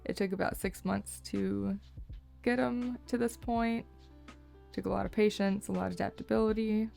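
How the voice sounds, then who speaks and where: A young woman narrating her horse vlog as a voice-over, cheerful and quick to laugh. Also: mid-range voice, fairly even intonation, gravelly, warm tone, soft background music. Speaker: horse owner, vlogger.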